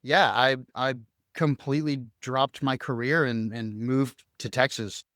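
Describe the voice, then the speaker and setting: A man's voice: mid-range voice, steady tone, measured pace, fairly bright tone, dry recording, studio quality. A young adult man co-hosting a podcast, telling a personal story casually and animatedly, full of fillers and acted-out quotes. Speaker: podcast co-host.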